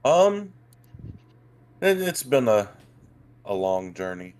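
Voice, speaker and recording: A man's voice: medium pitch, very animated, takes it slowly, darkish tone. A man playing a tabletop game, speaking hesitantly with fillers. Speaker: player. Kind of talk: casual tabletop game play.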